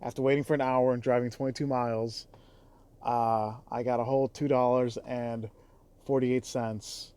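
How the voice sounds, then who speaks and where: A man's voice: mid-range voice, little pitch movement, normal speed, darkish tone, clean tone. A man who drives for a rideshare app, talking in a casual vlog with a heated, exasperated, profane delivery. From Chicago area.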